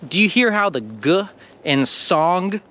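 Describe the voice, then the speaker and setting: A man with an American accent teaching English pronunciation, speaking slowly and emphatically and stressing the ends of words. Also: high voice. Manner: slow, emphatic, lively delivery with stressed word endings. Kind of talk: scripted lesson to camera.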